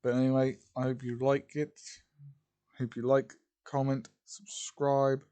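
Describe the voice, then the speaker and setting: A tired man narrates his fan story at a slow, unhurried pace, yawning and rambling as he goes. He apologizes often in a casual, mid-pitched voice. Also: flat delivery, mellow.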